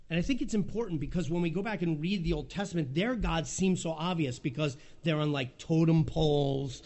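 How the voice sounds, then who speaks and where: A middle-aged man preaching with earnest conviction, his voice sitting a little higher than most men's. He reads passages aloud and circles back over his words when he presses a point. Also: fairly quick, hardly any pauses, darkish tone. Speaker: pastor. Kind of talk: sermon.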